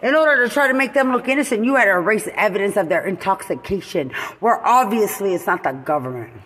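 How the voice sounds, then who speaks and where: A woman veteran in an angry, profane rant, repeating accusations and at times breaking into shouts. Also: medium pitch, animated, fast talker, breathy edge. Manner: furious, swearing, repetitive accusations, shouting at times. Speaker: military veteran. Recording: long echoing reverb.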